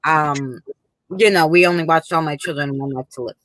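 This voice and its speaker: A woman's voice: deep voice, brisk, a bit bright, no echo. A woman in casual chat, telling rambling stories with lots of fillers. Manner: rambling, chatty storyteller with many fillers.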